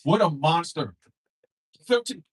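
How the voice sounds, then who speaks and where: A man's voice: fairly high pitch, expressive, slow, slightly rough, recorded from a distance. A young man doing a loose, profane stand-up set, acting out characters in shifting voices. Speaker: stand-up comedian.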